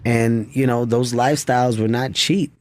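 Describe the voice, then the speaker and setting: A man's voice: medium pitch, fairly even intonation, moderate pace, darkish tone, no echo. A man in his thirties, a guest comedian, telling earnest stories in a casual studio interview. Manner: earnest storytelling. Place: radio studio. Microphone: studio mic.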